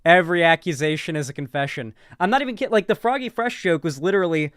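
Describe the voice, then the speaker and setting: Sarcastic commentary guy, higher voice, super clean and dry sound. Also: expressive, brisk, fairly bright tone, smooth, no echo. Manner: sarcastic, rambling, swears. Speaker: political commentary streamer. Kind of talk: casual commentary.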